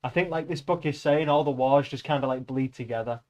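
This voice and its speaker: A young man chats casually to his stream viewers. He rambles and wanders off topic, drops swear words without a thought, and keeps his voice at an ordinary middle pitch. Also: fairly quick, a little mellow, dull audio. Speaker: livestreamer.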